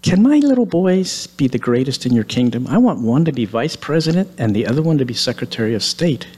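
A man's voice: medium pitch, sing-song, a little fast, a little mellow, husky. An ambitious mother pushing hard for her sons in a told Bible story, voiced by a male preacher in nearly his own voice. She is bold and demanding. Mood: pushy.

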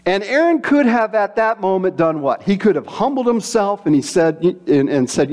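Guy preaching, super animated, slightly high voice, acts out the quotes. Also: normal speed. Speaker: pastor. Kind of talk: sermon.

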